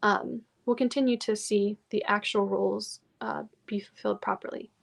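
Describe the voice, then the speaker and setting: Actor guest, female, thoughtful and hesitant, a touch of vocal fry. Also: medium pitch, steady tone. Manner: reflective, halting with many fillers. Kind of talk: casual podcast conversation.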